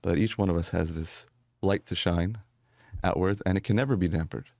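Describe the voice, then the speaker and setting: Deep gravelly rabbi telling stories. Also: male voice, brisk, warm tone, dry recording, clean studio sound. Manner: earnest storytelling with light laughs. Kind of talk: conversational interview.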